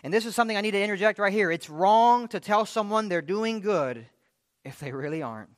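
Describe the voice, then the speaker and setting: A man's voice: high voice, lively intonation, brisk, no echo, studio quality. A man preaching a sermon in an earnest way, asking many rhetorical questions.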